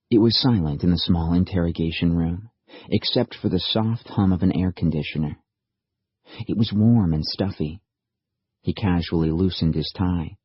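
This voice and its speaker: A male narrator reads an audiobook at a steady, measured pace, his voice deep and husky. The recording is dry and a little dull. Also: dry recording. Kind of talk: scripted narration.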